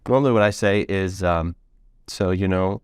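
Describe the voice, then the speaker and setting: A man hosting a podcast in casual interview chat, chatty and quick to laugh, with rambling asides. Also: deep voice, smooth, no echo, studio quality. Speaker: podcast host.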